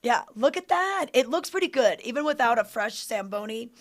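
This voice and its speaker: A woman's voice: on the high side, animated, a little fast. Upbeat woman co-hosting a morning show. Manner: upbeat, reads viewer chat aloud. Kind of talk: casual live-stream chat.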